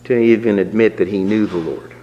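A man preaching a sermon, swinging from raised emphatic lines to low, quiet asides. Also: fairly quick, muffled recording. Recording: long reverb of a hall.

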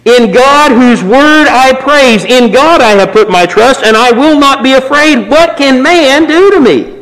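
A man preaching a sermon, swinging from raised emphatic lines to low, quiet asides. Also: lively intonation, unhurried. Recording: long reverb of a hall.

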